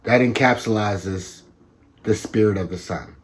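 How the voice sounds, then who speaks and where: Slow-talking, low-voiced man reading tarot. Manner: slow, repetitive, conversational with slang. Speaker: tarot reader. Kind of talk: casual tarot reading to camera.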